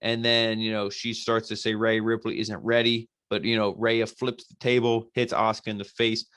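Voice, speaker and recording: A man's voice: lowish voice, level tone, normal speed, fairly bright tone, clear, resonant tone, no room sound. Blunt, exasperated male podcast host. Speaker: podcast host reviewing wrestling. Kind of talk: casual show recap.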